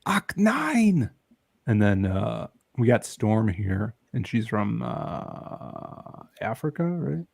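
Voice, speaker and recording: A man with a gravelly, husky voice chats casually and reads comic dialogue aloud, punching up the lines theatrically. The sound is dry and close. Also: lowish voice, expressive, slow, no echo. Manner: loud and theatrical when reading speech bubbles. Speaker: podcast co-host reading a comic aloud.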